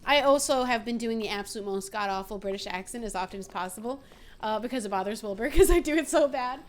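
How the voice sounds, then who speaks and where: An American woman with a fairly high, fast voice streams a game and chats playfully with viewers, laughing often.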